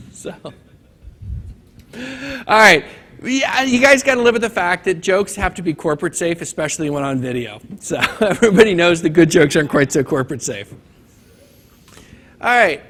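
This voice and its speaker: A man's voice: high voice, animated, moderate pace, pauses often, fairly bright tone. A man teaching a hands-on data class at a conference training session, talking casually to the room and telling a corny joke. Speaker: training instructor. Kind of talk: classroom lecture.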